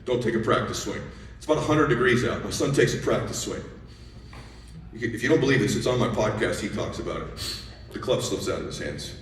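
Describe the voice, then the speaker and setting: A middle-aged man telling a story as a motivational speaker, animated and excitable, with casual profanity. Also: fairly low pitch, fast, a little hiss or hum. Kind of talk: energetic storytelling speech. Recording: echoey hall, voice from far off.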